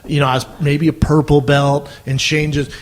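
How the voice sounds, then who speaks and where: High-voiced man telling fight stories. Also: normal speed. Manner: animated storytelling, swearing, repeats "man". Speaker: podcast guest, former fighter. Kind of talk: casual conversation.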